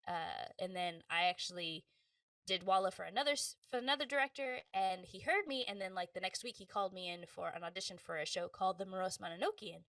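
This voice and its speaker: Animated woman telling stories, slightly distant. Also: mid-range voice, fast, no echo. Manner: animated, acts out quoted voices, laughs often. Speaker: voice actress guest. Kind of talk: casual interview storytelling.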